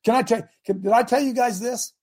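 A man's voice: very high voice, brisk, a little mellow, slightly rough. An older man hosting a live show, preaching emphatically and calling on his audience to answer. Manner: emphatic, exclamatory, calls out to the audience. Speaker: host and preacher. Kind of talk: fiery live-show sermon.

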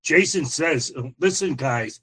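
A man calling into a talk show, telling a plain account with some halting fillers. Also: a little high, lively intonation, fairly bright tone, slightly rough, rough recording. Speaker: caller on the show. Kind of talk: casual account.

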